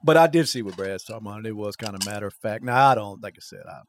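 A man's voice: on the low side, animated, racing, slight background noise. A man from Louisiana co-hosting a podcast, rambling and swearing in casual banter, laughing often. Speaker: podcast co-host. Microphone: studio microphone.

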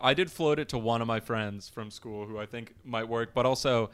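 A man's voice: medium pitch, fairly quick, fairly bright tone, clear, resonant tone. A man co-hosting a podcast in casual chat, rambling and self-deprecating with a joking tone. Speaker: podcast co-host.

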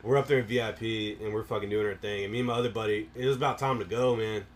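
A man's voice: fairly low pitch, steady tone, rapid-fire, slight background noise. A man hosting a podcast, telling a rambling story in casual chat, swearing heavily and dropping "bro" and "dude" often.

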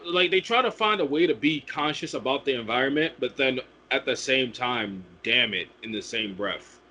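Young male barista type, husky, animated and profane in casual chat. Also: mid-range voice, normal speed. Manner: animated ranting, swears a lot. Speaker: coffee shop worker.

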